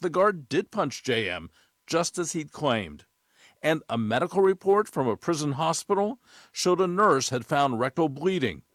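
Measured male news correspondent. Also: a little high, no room sound. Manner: measured, even delivery. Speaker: investigations correspondent. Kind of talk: scripted news report. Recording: dry studio voice.

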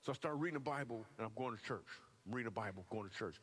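A man from Michigan stands before a church audience and tells his own testimony as a comedian would. His voice sits in a middle register, and he tells the story in an animated way, jumping into impressions of the people he met along the way. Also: mid-range voice, very fast. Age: adult. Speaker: comedian and guest speaker. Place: church hall with a live audience.

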